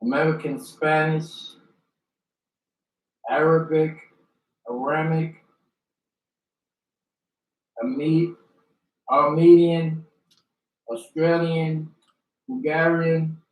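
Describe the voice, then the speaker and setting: A man reading a long list of dictionary terms one by one, slow and deliberate. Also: fairly high pitch, steady tone. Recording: roomy sound from a distance.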